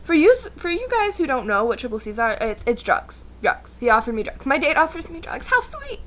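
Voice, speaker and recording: A woman's voice: a little high, big pitch swings, brisk, fairly bright tone. A young woman vlogging a casual storytime rant, sarcastic and exasperated as she tells it.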